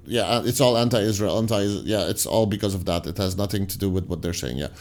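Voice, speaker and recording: A man's voice: mid-range voice, quick pace, few pauses. A man hosting a commentary channel, casually reading viewer comments aloud and answering them with rambling, sarcastic asides that trail off into mutters.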